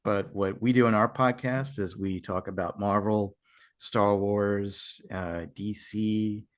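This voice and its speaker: Hesitant American man, lowish voice. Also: steady tone, takes it slowly. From United States. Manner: hesitant, stammering restarts. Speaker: podcast guest. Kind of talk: casual podcast chat.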